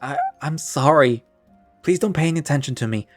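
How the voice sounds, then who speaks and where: A man's voice: medium pitch, expressive, moderate pace, dry recording, faint music behind, close to an everyday voice. A man playing a sobbing, shaky-voiced friend. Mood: apologetic. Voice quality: shaky, cracking voice. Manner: pleading, choked-up. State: crying. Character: tearful grown man, a loyal old friend. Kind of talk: one-man audio drama.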